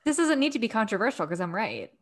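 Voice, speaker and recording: A woman's voice: on the high side, very animated. A woman in a casual chat, joking around and arguing her point playfully. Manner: quick and playfully argumentative.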